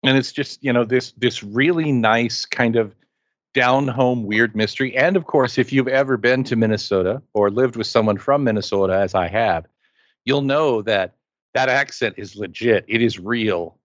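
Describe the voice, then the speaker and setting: A man's voice: mid-range voice, moderate pace, no room sound, muffled recording. A man co-hosting a casual movie chat, enthusiastic and rambling, with playful asides. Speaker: podcast co-host.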